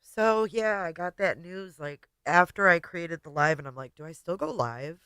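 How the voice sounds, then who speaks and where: Tearful woman streamer, halting and soft. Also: fairly low pitch, clean tone, no room sound. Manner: emotional, halting, often trailing off softly. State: tearful, voice breaking. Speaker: livestream host. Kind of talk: casual livestream chat.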